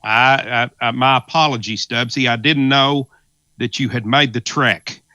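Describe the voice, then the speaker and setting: A man who is a regular on a talk radio show, chiming in with quick questions. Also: mid-range voice, fairly even intonation, bright, forceful tone, dry recording. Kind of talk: casual talk radio banter.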